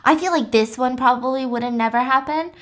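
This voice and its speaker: A woman's voice: sits high, a little fast. A young woman hosting, telling a true crime story in a chatty, casual way with lots of fillers. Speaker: host.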